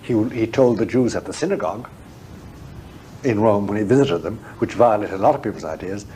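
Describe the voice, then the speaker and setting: Man, interview guest, theologian, emphatic and frank, mellow warm tone, faint hiss behind. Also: fairly low pitch, animated, a little fast, poor audio. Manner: emphatic, forthright, repeats words when pressing a point. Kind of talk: frank, discursive interview talk.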